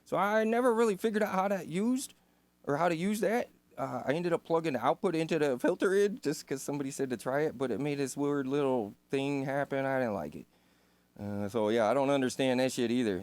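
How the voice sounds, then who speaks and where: A man's voice: mid-range voice, a little mellow, dry recording. A man reading a synthesizer manual aloud and breaking off into laid-back, self-deprecating commentary with casual swearing. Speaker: synth hobbyist host.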